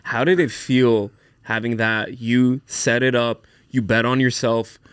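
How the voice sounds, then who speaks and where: A male podcast host with a smooth, clear voice at an everyday pitch, asking relaxed questions. He sounds close and dry, with no room echo. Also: a little slow. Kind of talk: casual interview.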